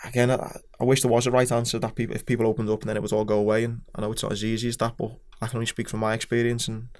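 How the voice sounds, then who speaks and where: A man with a Scouse accent appears as a podcast guest in casual chat, speaking frankly and plainly, with some swearing and hesitant restarts. His mid-range voice moves little in pitch and goes very fast.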